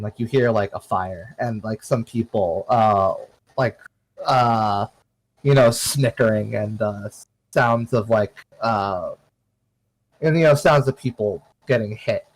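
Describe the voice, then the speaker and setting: A man narrating a tabletop game as game master, halting and full of fillers. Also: on the low side, low-quality recording.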